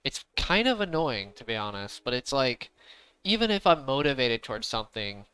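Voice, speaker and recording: Bright, crisp-voiced young man rambling. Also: mid-range voice, big pitch swings, no room sound, poor audio. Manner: rambling, repeats "to be honest"; deliberately speaking up loudly. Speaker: gaming streamer. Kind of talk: casual chat while playing. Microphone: desk microphone.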